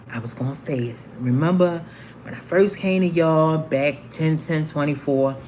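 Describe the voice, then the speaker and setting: A woman in her forties with a low-sitting voice hosts a livestream, and there's a little hiss or hum in the audio. Casually and animatedly, she tells viewers a personal story, voicing the people in it.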